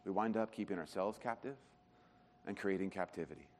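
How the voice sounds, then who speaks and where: A man preaching a sermon as pastor, talking conversationally and animatedly, often dropping to quiet emphasis. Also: low voice, brisk, long reverb tail.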